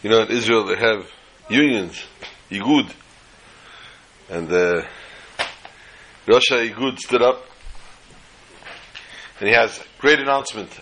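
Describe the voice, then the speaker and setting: A man's voice: fairly low pitch, slow pace, long pauses, fairly bright tone, poor audio. Male rabbi, casual storyteller giving a Torah class with jokes. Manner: chatty storyteller, acts out jokes. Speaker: rabbi teaching a weekly class.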